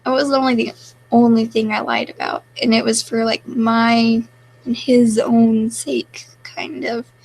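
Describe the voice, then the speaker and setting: A woman's voice: a little high, flat delivery, measured pace, a little mellow, rough recording. A young woman casually chatting on a live stream, reading viewer questions aloud and answering them offhandedly.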